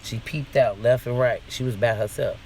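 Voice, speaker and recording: A man's voice: medium pitch, fairly even intonation, moderate pace, creaky, a little mellow. Indignant man ranting, faint traffic behind. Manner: indignant, profane, questioning. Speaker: vlogger. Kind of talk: casual commentary rant.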